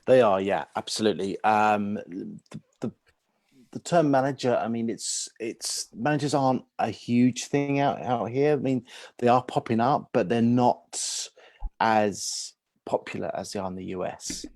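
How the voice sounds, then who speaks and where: A man's voice: mid-range voice, measured pace, darkish tone, no room sound. A man, a guest agent in a casual interview, speaking hesitantly with many restarts.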